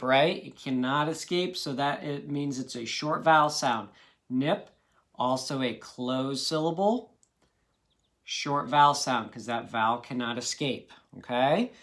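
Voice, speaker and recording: A man's voice: mid-range voice, a bit bright. A man teaching a phonics lesson, patient and encouraging, checking in often with "okay?".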